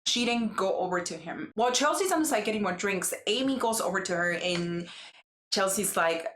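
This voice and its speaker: A woman's voice: medium pitch, moderate pace, a little hiss or hum. Chatty woman recapping gossip, roomy echo. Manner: chatty, acts out quotes in lively voices. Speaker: recap vlogger.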